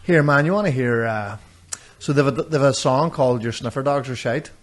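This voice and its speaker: A man, co-hosting a podcast and telling rambling, animated stories in casual chat. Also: mid-range voice, normal speed. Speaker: podcast co-host. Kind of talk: casual storytelling.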